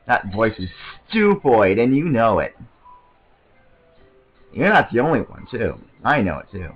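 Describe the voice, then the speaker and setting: A man giving casual, excitable gameplay commentary, rambling to himself and often stammering over restarts. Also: on the low side, a little slow, husky, lo-fi sound, soft background music. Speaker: let's play commentator.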